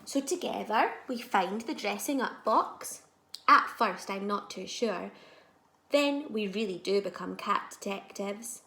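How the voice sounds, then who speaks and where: A woman teacher reads a children's picture book aloud at an unhurried pace. Her bright voice carries a gravelly fry. She moves between hushed asides and louder moments. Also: medium pitch, reverberant, slight background noise. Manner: slow, expressive, shifting between soft and loud. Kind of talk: storybook read-aloud.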